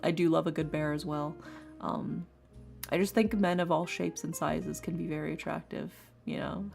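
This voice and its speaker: A woman's voice: sits low, fairly even intonation, normal speed, creaky, darkish tone. A woman streamer doing tarot readings in a rambling, chatty way, laughing often and repeating herself. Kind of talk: casual live-stream chat. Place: home streaming setup. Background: faint lofi music.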